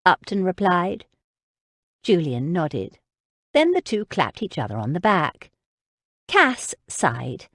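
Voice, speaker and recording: Expressive female audiobook narrator. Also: lowish voice, slow, no room sound, studio quality. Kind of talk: audiobook narration of a historical romance.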